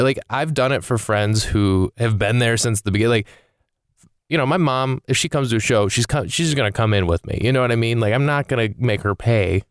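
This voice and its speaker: Exasperated ranting man, smooth dry voice. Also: medium pitch, dry recording. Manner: exasperated ranting, swearing, rambling. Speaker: comedian podcast host. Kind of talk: casual comedic monologue.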